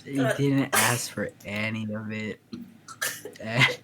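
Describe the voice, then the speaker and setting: A man's voice: fairly low pitch, fairly even intonation, takes it slowly, very noisy. A man casually telling a story in a voice chat, often laughing as he goes. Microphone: computer mic in a voice chat.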